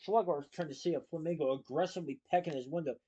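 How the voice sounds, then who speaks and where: A man reading a children's novel aloud in a plain, steady storytelling manner. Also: on the high side, fast talker, husky, lo-fi sound. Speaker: reader.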